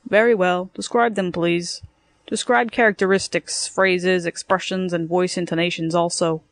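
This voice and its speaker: A woman's voice: lowish voice, steady tone, normal speed, creaky, dry recording. A woman voicing a dry, officious male police officer from the future.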